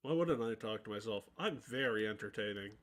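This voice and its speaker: Male streamer talking to himself, self-mocking with mock-announcer bits, very animated pitch. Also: fairly quick. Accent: mixed, hard to place. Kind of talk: solo livestream chatter.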